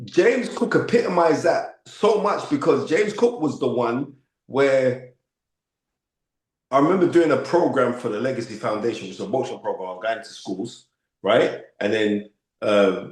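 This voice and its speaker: A man of fifty with a London accent, telling stories as a podcast guest in an emphatic, animated way. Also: medium pitch, normal speed. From United Kingdom. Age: 50s. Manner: emphatic, acts out quoted voices, frequent "you know what I mean". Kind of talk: animated interview storytelling. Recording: echoey room.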